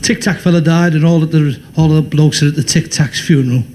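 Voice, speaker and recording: Chatty stand-up comic, slightly high voice. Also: male voice, fairly even intonation, fast, crowd noise. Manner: chatty, laughs at his own jokes. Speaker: stand-up comedian. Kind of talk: stand-up joke telling.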